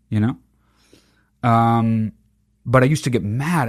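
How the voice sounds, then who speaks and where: A man delivers a casual, profane rant with sardonic bite. His pitch rises and falls a lot as he stresses points. The recording is dry and close. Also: moderate pace, long pauses, no echo. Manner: sardonic, heavy swearing, lively emphasis. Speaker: monologue speaker.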